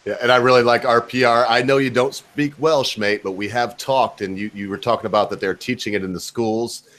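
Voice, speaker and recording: A man's voice: medium pitch, fairly even intonation, brisk, fairly bright tone. An American man hosting a live stream, chatting casually with a guest. He rambles, swears freely and jokes as he goes. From United States. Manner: rambling, profane, jokey banter.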